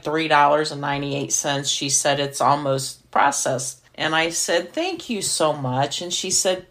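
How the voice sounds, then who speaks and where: Lively woman telling a story. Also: lowish voice. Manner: lively storyteller, acts out quoted dialogue. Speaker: podcast co-host. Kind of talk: casual faith podcast chat.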